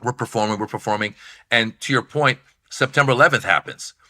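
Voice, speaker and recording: Bright-voiced storytelling man. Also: medium pitch, a little fast. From Iran. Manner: animated, acts out voices in anecdotes. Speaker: comedian guest. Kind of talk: casual storytelling chat.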